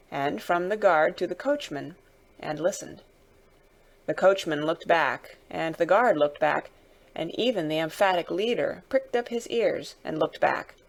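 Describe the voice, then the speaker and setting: A woman narrating a classic novel, reading dramatically and raising her voice for the characters' shouted lines. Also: fairly low pitch, vocal fry.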